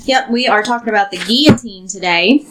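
A woman's voice: mid-range voice, brisk, a bit bright, a little hiss or hum, rough recording. A woman co-hosting a history podcast, speaking casually with dry, teasing humor. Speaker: podcast co-host.

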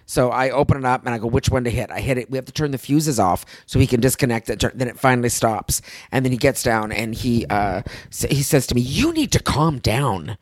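A woman telling a story in a casual chat, acting out quotes with big jumps in pitch. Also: quick pace, hardly any pauses, no room sound.

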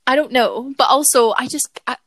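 Young woman, podcast co-host; chatty, self-mocking storyteller, slightly high voice, dry close sound. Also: normal speed, fairly bright tone, dry recording. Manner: chatty and self-deprecating, many "like"s and restarts. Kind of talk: casual storytelling chat.

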